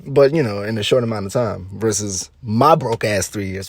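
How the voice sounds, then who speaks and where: A man's voice: medium pitch, expressive, quick pace, hardly any pauses, no room sound, studio quality. A man giving casual, rambling commentary on celebrity news, laughing often and repeating himself.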